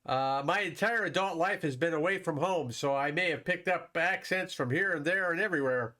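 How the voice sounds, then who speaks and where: A man's voice: on the high side, brisk, bright, forceful tone. A man from Wisconsin hosting a live stream, chatting casually with viewers while commenting on a board game and laughing often.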